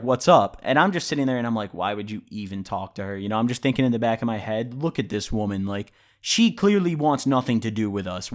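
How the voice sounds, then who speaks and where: A man telling a story for his vlog in a casual, rambling way, full of "like" and swearing. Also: mid-range voice. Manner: rambling, heavy use of "like" and profanity. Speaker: vlogger.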